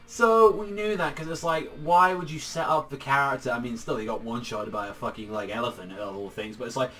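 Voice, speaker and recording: A man's voice: medium pitch, brisk, fairly bright tone, far from the mic. Rambling young man, mic held off. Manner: loose and profane, heavy on filler "like". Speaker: manga reviewer. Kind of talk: casual rambling review.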